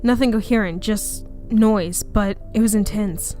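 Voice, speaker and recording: A woman voicing a calm, teasing male vampire six centuries old, reading his lines plainly in her own voice. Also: mid-range voice, unhurried, faint music behind, lightly acted.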